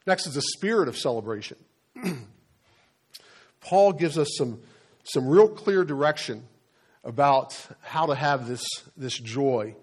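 A middle-aged man preaches a sermon from the pulpit, speaking at a middle pitch. He delivers it conversationally, like he's telling a story to friends, and often repeats a word or two before pressing on. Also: expressive, slow pace, pauses often, breathy edge. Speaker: pastor.

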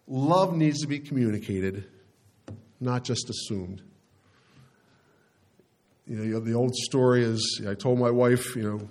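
A man's voice: medium pitch, normal speed. A middle-aged man preaching a sermon as pastor, speaking in a conversational, folksy way with frequent restarts.

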